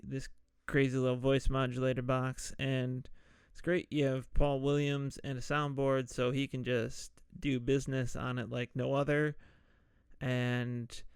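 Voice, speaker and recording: A man speaking slowly and at an easy pace, walking through a film's plot in a relaxed, conversational way. His voice is smooth and clear, and the recording is dry, with no room sound. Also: medium pitch, no room sound. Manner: slow, loose retelling with quick put-on voices for characters. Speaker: podcast host. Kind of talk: casual movie recap.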